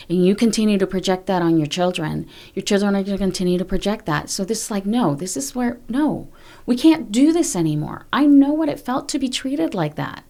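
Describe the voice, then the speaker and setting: A woman's voice: medium pitch, warm tone. A middle-aged woman speaking candidly as a podcast guest, blunt and emphatic, swearing freely as she talks. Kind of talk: candid conversational interview.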